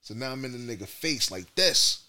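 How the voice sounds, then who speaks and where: A man tells a long story on a casual podcast. His pitch swings widely and his tone is bright. He acts out the other people in the story in raised voices. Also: normal speed. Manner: animated storyteller acting out quotes in raised voices. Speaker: podcast co-host.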